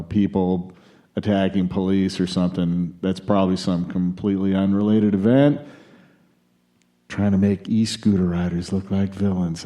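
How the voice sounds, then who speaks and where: An American man hosts a casual podcast and chats through the news. His voice is very dark and mellow and sits fairly low. He drifts into jokey, opinionated asides. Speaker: podcast host.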